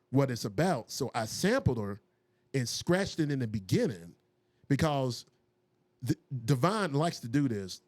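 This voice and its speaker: A man, a music producer and DJ, telling stories casually in an interview, acting out what people said. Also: no room sound. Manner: animated, acts out quotes with raised pitch.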